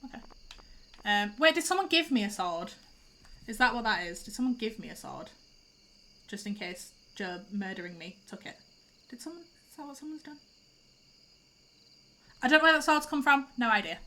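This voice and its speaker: A young woman chats her way through a farming game on a live stream, her higher voice bright and ringing. She has been crying, so she sounds stuffy and teary, and she rambles and reacts aloud to each surprise. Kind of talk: casual live-stream chat.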